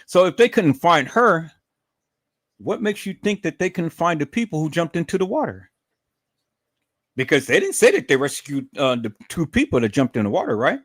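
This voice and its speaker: A man's voice: a little high, big pitch swings, moderate pace, no echo, clean studio sound. Furious profane middle-aged man ranting. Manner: profane, indignant, calls the audience "peoples"; repeats words when worked up, swings to loud outbursts. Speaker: livestream commentator. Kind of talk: angry ranting livestream commentary.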